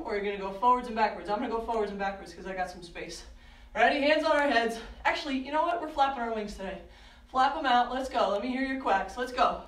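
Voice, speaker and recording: A bright, higher-voiced young woman with a New Jersey accent runs a kids' workout from her living room, counting out reps and egging everyone on. She sounds a little distant from the mic, in an echoey room. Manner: upbeat, counting reps and cheering kids on. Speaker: kids' fitness coach. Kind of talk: live at-home kids' workout.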